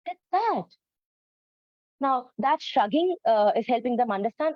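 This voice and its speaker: A woman's voice: fairly high pitch, expressive, measured pace, no room sound. Woman giving an earnest teaching talk. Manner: earnest, explanatory, many fillers. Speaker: presenter on storytelling for autistic children. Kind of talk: educational talk. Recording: dull, lo-fi, dry recording.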